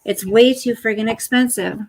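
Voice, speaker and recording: An older woman chatting casually with her live stream viewers, rambling between stories and stopping to coo softly at her dog. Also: fairly high pitch, steady tone, moderate pace, rough recording. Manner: chatty, rambling, talks to her dog in soft baby talk.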